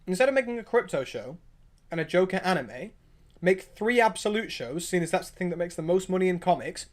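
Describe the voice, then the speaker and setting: An excitable male streamer with a fairly high voice, riffing on viewer comments in a loose, rambling way. He jumps between opinions with quick restarts and eager asides, keeping a casual livestream chat going. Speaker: livestream host.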